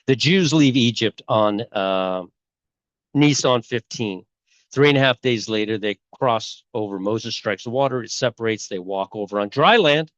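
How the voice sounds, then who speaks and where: A man's voice: mid-range voice, fairly bright tone, no room sound, dull audio. A middle-aged man talking casually and rambling, with many fillers and restarts, as a channel host. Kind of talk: casual talk on bible timelines.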